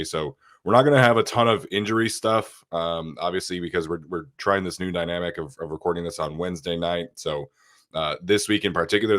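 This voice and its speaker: Sick man with a nasal voice. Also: low voice. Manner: relaxed, with frequent fillers. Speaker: podcast host. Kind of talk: casual sports podcast chat.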